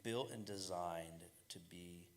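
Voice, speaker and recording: A man's voice: low voice, takes it slowly. A man on a casual panel, giving direct, confident, coach-like advice.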